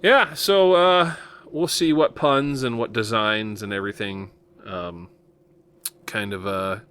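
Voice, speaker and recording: A man's voice: fairly low pitch, slow, fairly bright tone, clean tone. Rambling, chuckling man from Nebraska. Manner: rambling and chuckling, many fillers. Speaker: podcast host. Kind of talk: casual podcast chat.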